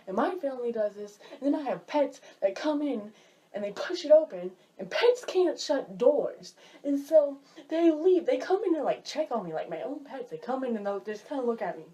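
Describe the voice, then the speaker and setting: A woman's voice: mid-range voice, animated, moderate pace, warm tone. A young woman ranting casually about everyday pet peeves as a vlogger, exasperated and filling her talk with "like.". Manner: chatty, exasperated, heavy use of "like". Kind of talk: casual list rant.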